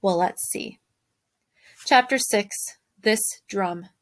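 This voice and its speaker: A woman teacher reading a storybook aloud to her class, expressive and stopping to ask them questions. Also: medium pitch, slow pace.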